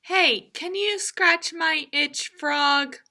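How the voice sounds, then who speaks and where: Storybook rhino, male, itchy and eager, pleading in a raised, loud voice, put on by a woman reader. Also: sits high, extremely slow, pitched above the performer's own voice, heavily acted. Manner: pleading, excited.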